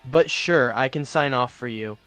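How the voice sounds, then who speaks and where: A man's text-to-speech voice acting as an AI chatbot co-host, narrating its own actions in the third person with smooth, even delivery. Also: medium pitch, normal speed, faint music behind.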